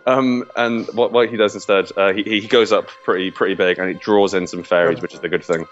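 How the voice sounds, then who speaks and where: A man's voice: deep voice, steady tone, moderate pace, a bit bright, dull audio, soft background music. A man playing a tabletop role-playing game, stammering and restarting as he explains. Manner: hesitant, stammering. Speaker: player. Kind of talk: tabletop role-play chat.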